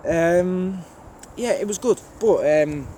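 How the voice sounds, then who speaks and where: A man with a thick Birmingham accent chats bluntly through a casual vlog Q&A, rambling and dropping fillers as he goes. His voice sits a little high for a man. He was recorded outdoors at a railway station, with clear outdoor noise behind him. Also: slow. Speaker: trainspotting channel host.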